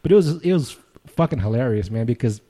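A man's voice: medium pitch, expressive, fast talker, mellow. A man co-hosting a podcast, telling a long story in casual chat, swearing often and laughing as he goes. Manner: profane, rambling storyteller who laughs often. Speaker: podcast co-host.

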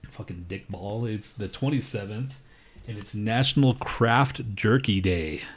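A man with a fairly low voice co-hosting a podcast in casual banter. He rants loudly and swears constantly. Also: a little slow, slightly rough. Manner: profane and loud, ranting. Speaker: podcast co-host.

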